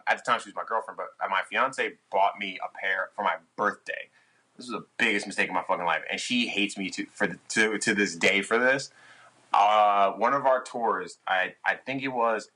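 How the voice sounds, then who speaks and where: Swearing, animated young man telling a story. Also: on the low side, poor audio. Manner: profane, animated, acts out his own past lines. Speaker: podcast guest, touring musician. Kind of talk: casual storytelling chat.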